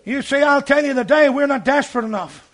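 A man preaching a sermon, telling a story with fervour and breaking into shouts. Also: extremely high pitch, fast. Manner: fervent, rising to shouts.

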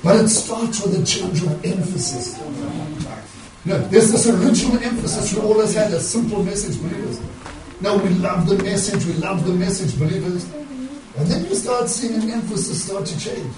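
A high-voiced man preaches a fervent sermon, pressing his points and checking in with the congregation after each one. He sounds distant in an echoing church, with music playing beneath him. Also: normal speed, crowd noise. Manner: impassioned, rhetorical, checks in with 'yeah?'. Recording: echoey room from far off, music underneath.

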